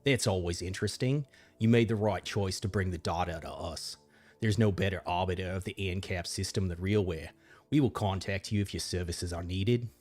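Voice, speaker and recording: A man's voice: low-pitched, normal speed, a little mellow, soft background music. A man voicing a self-assured male corporate spokesman in an exaggerated Australian accent, clipped and businesslike, for a video game. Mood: smug. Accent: Australian, deliberately exaggerated.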